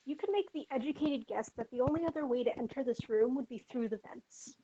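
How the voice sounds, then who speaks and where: Woman game master, high voice, brisk narration, muffled lo-fi mic. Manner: brisk, matter-of-fact narration and rules calls. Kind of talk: running a tabletop game over voice chat. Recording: muffled lo-fi mic with faint hiss.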